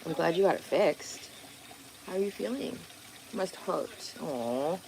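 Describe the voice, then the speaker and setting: A woman's voice: lowish voice, lively intonation, slow pace, vocal fry, darkish tone, low-quality recording. A woman hosting a casual livestream outdoors by a pond, rambling, swearing now and then and answering viewer comments aloud. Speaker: livestream host. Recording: outdoor noise in background.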